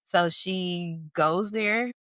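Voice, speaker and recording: A podcast co-host tells a story in casual conversation, speaking extremely slowly with a clear, resonant tone. She's animated, peppering her talk with "like" and "or whatever" and voicing the people she quotes in a high pitch. The recording is dry and studio-clean.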